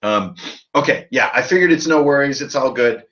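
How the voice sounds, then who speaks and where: A man's voice: medium pitch, moderate pace, a bit bright. Tipsy, profane man on a lo-fi stream. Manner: loose, profane and rambling. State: tipsy from drinking. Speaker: host of a tabletop RPG channel. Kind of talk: casual live-stream chat. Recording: dull lo-fi sound.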